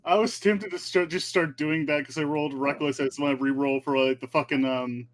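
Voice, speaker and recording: A man's voice: on the high side, fairly even intonation, normal speed, slight background noise. A man chatting casually on a podcast, offhand and matter-of-fact. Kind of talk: casual chat.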